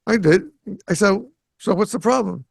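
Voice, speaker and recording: A man from around Greater Boston hosts a podcast at his South Florida home, telling a casual story at normal speed. His high voice carries vocal fry and is slightly rough, and he acts out quoted dialogue like an animated storyteller. The recording is dry.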